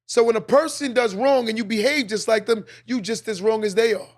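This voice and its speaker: High gravelly guy, preaching hard on his podcast, repeats himself for punch. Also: fairly quick, few pauses. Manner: preachy, emphatic, repeats lines for effect. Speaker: podcast host. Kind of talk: motivational monologue.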